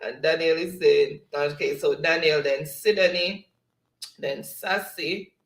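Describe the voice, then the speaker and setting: A man's voice: a little high, fairly even intonation, slow pace, a bit bright, roomy sound. A man with a Jamaican accent co-hosting a live stream, reading viewer comments aloud with frequent laughs. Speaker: live show co-host reading chat. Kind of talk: casual live-stream chat.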